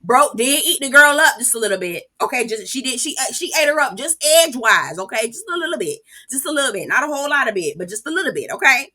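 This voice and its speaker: A woman's voice: big pitch swings, fast, few pauses, sharp tone. A woman giving a casual, profane, gossipy recap of a reality show, full of quoted reactions and sudden exclamations. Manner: speaks with swooping pitch jumps and exclamations.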